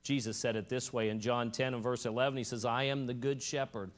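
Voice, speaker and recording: Pastor guy preaching, gets louder and higher when he stresses a point, church service. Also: steady tone, a little fast. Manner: announcements and prayer, then emphatic preaching that rises in pitch and loudness. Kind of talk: sermon.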